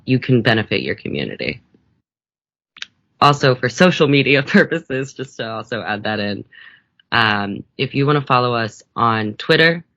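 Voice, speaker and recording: A man speaking as a guest in a remote interview, earnest and halting with many fillers. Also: medium pitch, sharp tone, dry recording, dull audio. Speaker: guest, mutual aid organizer.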